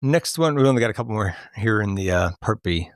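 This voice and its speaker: A man's voice: fairly low pitch, expressive, quick pace, no echo, studio quality. A man hosting a podcast movie quiz, chatting casually and laughing often. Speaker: podcast host running a movie quote quiz. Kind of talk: casual chat.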